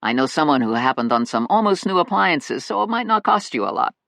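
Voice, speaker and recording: A practical middle-aged handyman who talks plainly and lower than the narration, as an audiobook narrator puts him on. The recording is dry and close. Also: sing-song, fairly quick, creaky, fairly bright tone, no echo. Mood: matter-of-fact. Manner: plain, matter-of-fact.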